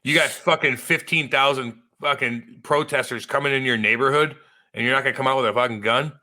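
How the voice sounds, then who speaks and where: A man's voice: medium pitch, fairly even intonation, fairly quick, sharp tone. A man hosting a podcast in casual chat, brash and heavily profane, ribbing his co-host.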